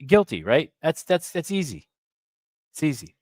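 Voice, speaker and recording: Reading a news article on his podcast, a man from the San Francisco Bay Area interrupts himself with blunt, irreverent, provocative asides. His voice is fairly high and sing-song, a little mellow, at a moderate pace. No echo is audible.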